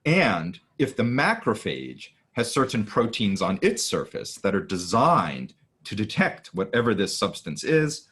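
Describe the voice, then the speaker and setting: Man, university lecturer, low voice, lively swooping pitch, casual chatty lecture with fillers. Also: a little slow, husky. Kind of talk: recorded online lecture. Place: home, Hawaii.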